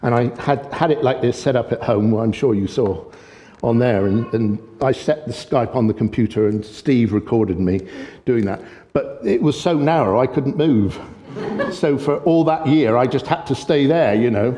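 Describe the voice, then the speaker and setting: A man preaching a sermon with impassioned energy, often getting excited and loud. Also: medium pitch, moderate pace. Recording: long echoey hall reverb.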